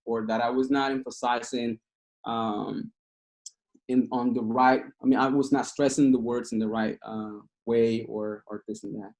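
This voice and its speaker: A man's voice: mid-range voice, a little mellow. A man in his thirties from Cuba with a Cuban Spanish accent, a native Spanish speaker giving a casual, passionate talk that rambles with restarts. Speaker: guest speaker. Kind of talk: casual talk over a video call.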